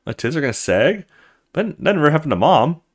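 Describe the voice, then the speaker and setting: A man voicing a vain young woman in a video game, speaking in a shrill, disbelieving way. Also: very animated, fairly quick. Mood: shocked.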